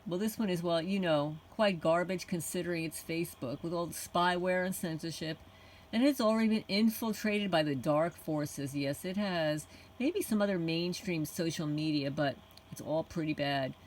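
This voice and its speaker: A woman channel host reading a written testimony aloud in a soft-spoken way, chuckling often. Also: fairly low pitch, moderate pace, slight background noise, rough recording.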